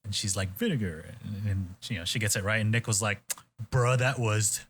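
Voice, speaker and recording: A podcast host with a fairly low voice talks through what happened on a show. He rambles a bit, slips into quick quoted voices and swears freely, all in an easygoing, casual chat. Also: fairly even intonation, fairly bright tone, a little hiss or hum.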